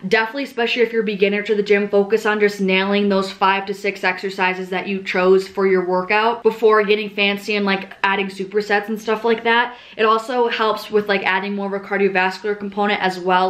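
A woman's voice: mid-range voice, level tone, fairly quick, hardly any pauses, a bit bright. Chatty upbeat young woman trainer. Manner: chatty, upbeat, many "like" fillers. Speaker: fitness vlogger and certified personal trainer. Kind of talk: casual chatty explanation to camera.

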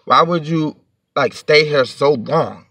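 Gravelly man ranting a storytime. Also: a little high, bright, forceful tone, dry recording, clean studio sound. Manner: heated, profane, rapid and rambling. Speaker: vlogger telling a story. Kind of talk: casual storytime rant.

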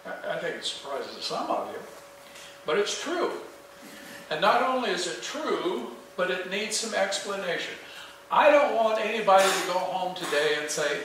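At normal speed and in an animated, high-sitting voice, a pastor preaches earnestly and emphatically, asking his congregation questions. The small church sanctuary is heard from a distance, echoey and with a noisy background.

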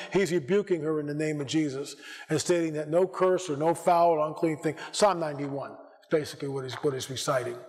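Hoarse American man speaking in a church hall. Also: on the high side. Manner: animated, acts out dialogue, frequent restarts. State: hoarse, clearing his throat. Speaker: conference speaker. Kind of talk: storytelling talk to a church audience. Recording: long hall reverb.

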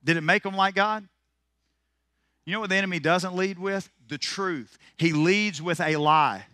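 Bright, high-voiced preacher. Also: male voice, moderate pace, no echo, clean studio sound. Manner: animated and joking, dropping into quiet asides. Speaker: pastor. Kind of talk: sermon. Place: church sanctuary.

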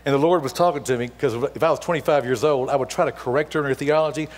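A middle-aged male guest preacher telling a story from the pulpit, with a voice of middling pitch. He acts out the dialogue with lively energy, then drops into a hushed, earnest appeal. His voice rings with long reverb in a church sanctuary. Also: fast talker. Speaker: guest speaker. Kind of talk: storytelling sermon.

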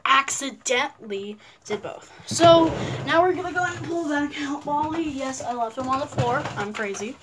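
A woman's voice: fairly high pitch, a little hiss or hum. A woman hosting a casual paper-craft tutorial at home, chatty and playful, with rambling asides. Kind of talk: casual how-to narration.

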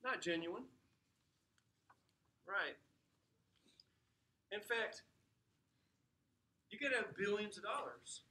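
A man giving an informal lecture, telling stories with jokes and asides in an animated way. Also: sits high, extremely slow, pauses often, recorded from a distance. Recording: echoey room, mic from afar.

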